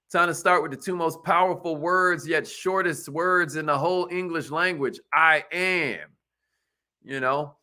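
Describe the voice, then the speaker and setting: Bright, high-voiced hype coach man. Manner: energetic, repetitive, calls out viewers by name and leads affirmations. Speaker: sales coach hosting a live class. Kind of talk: hyped livestream coaching with chanted catchphrases.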